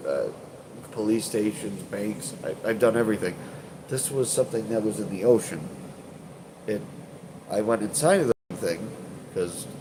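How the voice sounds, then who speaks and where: Congested low-voiced man rambling on a stream. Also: background noise. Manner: rambling, hesitant, many fillers and restarts, swears casually. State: congested, stuffed up. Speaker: urban exploration channel host. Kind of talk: casual live-stream chat.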